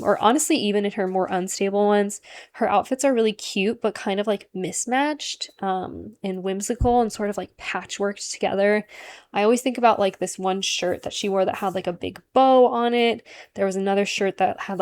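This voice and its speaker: A woman with a medium-pitched, slightly mellow voice chats casually to the camera as a perfume vlogger. Her vlog monologue is loose and talkative, sprinkled with "like" and "um."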